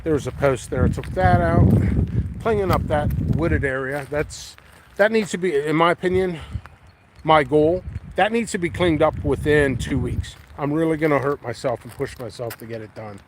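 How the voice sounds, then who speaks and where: A pepper grower hosting his channel walks through his windy backyard for a casual vlog, rambling easily and thinking aloud. His voice is fairly high and moderately paced, with light wind and outdoor noise around him.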